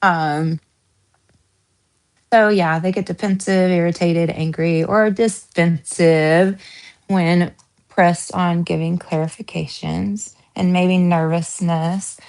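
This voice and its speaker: A woman's voice: fairly low pitch, steady tone, takes it slowly, a little mellow. A woman from the American South with a Southern accent, hosting a casual true crime chat, giggly with lots of ums and restarts. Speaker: true crime channel host.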